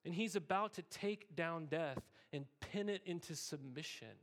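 Animated, conversational male pastor preaching. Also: on the high side, normal speed. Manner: conversational, animated preaching with frequent "okay?" asides. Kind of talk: sermon.

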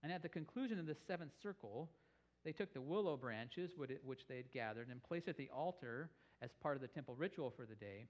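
A man's voice: medium pitch, brisk, lo-fi sound. Guy preaching a bible teaching, mid voice, gets worked up at the big moments. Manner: animated storytelling, rising with emphasis. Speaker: pastor. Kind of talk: sermon teaching.

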